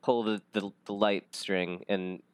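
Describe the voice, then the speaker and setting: A man playing a casual tabletop game, excitable and quick to swear or burst out loudly. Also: fairly low pitch, clear, resonant tone, no echo. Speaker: player.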